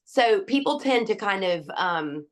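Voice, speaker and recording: A woman's voice: medium pitch, expressive, unhurried. A woman doctor speaking as a guest in an interview, candid and emphatic, laughing easily. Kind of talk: conversational interview.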